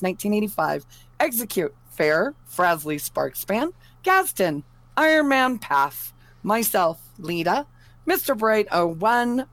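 A woman co-host reads a warm message and then a long list of supporter names. She apologizes when she stumbles on one, and her voice sounds dry and close. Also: on the high side, dry recording.

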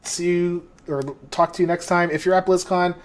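A man's voice: high voice, flat delivery, moderate pace. A man co-hosting a podcast, rambling through a casual sign-off with frequent laughs and self-deprecating asides. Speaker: podcast co-host.

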